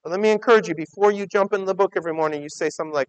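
A man preaching a sermon as pastor, conversational and emphatic, swinging from loud urgings to quiet, intimate asides. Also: sits high, racing, hardly any pauses, clean tone, no room sound, poor audio.

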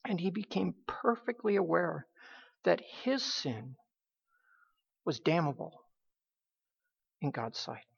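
A woman preaching a sermon in a halting, emphatic way, with many restarts. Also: on the low side, very animated, creaky, slightly rough. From United States. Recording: dull lo-fi recording.

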